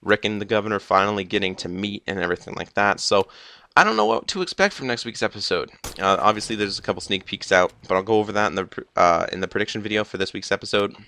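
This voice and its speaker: A man's voice: lowish voice, quick pace, bright, forceful tone. A young man giving a casual TV episode review, rambling with lots of fillers, a little groggy and slurring as if he just woke up. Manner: rambling, filler-heavy with many "like" and "uh".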